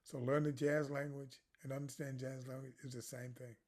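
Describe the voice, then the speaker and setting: An older man leads a jazz workshop in a relaxed, chatty way. He wanders off on asides and laughs along the way. Now and then he sings short syllable phrases to show the rhythm. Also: medium pitch, normal speed. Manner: demonstrates phrasing by singing syllables. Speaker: jazz educator. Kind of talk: lecture.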